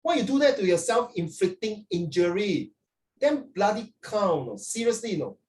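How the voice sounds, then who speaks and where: A middle-aged male teacher with a Singaporean English accent, lecturing his class in an animated, preachy way and mixing in Mandarin phrases. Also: high-pitched, moderate pace, recorded from a distance.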